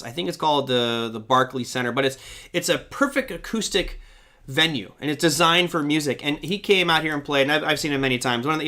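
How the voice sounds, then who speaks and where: A male host on a live stream talks quickly in a bright, forceful voice that sits a little high. He chats with energy, rambling and filling gaps with ums and uhs as he speaks into his desk microphone. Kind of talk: live online trading show chat.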